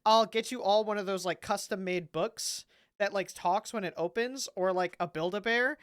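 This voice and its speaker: A woman's voice: mid-range voice, moderate pace, clear, resonant tone. Rambling jokey woman streamer. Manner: rambling, jokey, laughs a lot. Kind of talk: casual gaming livestream chat.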